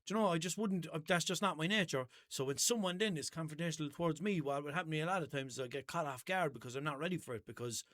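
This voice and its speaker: A man's voice: on the high side, racing, few pauses, fairly bright tone, no room sound, studio quality. A man hosting a podcast, telling rambling stories in casual chat and acting out both sides of his arguments. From Ireland. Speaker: podcast host. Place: indoor room.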